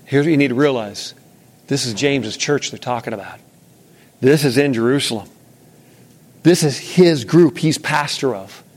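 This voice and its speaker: A man's voice: medium pitch, normal speed, pauses often, a little mellow. A man leading an interactive Bible lesson, talking casually and putting questions to the room. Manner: conversational, asks the room questions. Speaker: teacher leading a Bible study.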